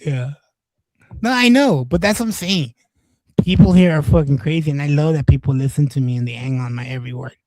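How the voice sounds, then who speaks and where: A man in his forties chats casually on a stream, rambling and swearing through stories. His voice sits a little high but sounds mellow and dark. The close mic leaves the sound dry. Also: a little fast, dry recording, low-quality recording. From East Los Angeles. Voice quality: profane, rambling, many restarts. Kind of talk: casual storytelling chat.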